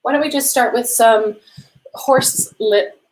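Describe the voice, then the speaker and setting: A woman vocal coach leading a live-streamed warm-up lesson, encouraging and gently guiding listeners through sung exercises. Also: a little high, slow pace, low-quality recording. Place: home room with a piano.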